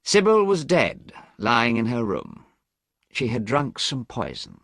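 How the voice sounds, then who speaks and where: A man voicing a worldly, smooth-talking gentleman friend in an audiobook reading, with a coaxing, urgent manner. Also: medium pitch, wildly swooping pitch, slow pace, no echo, clean studio sound, pitched above the performer's own voice, exaggerated voice.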